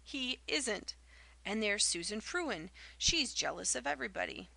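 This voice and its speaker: A spiteful old village gossip, as a woman reader puts her on, hurls loud derisive remarks in rustic dialect. Her voice is gravelly with a sharp, bright edge. It is an audiobook reading of a storybook scene. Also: mid-range voice, sing-song, measured pace, dry recording, full character voice.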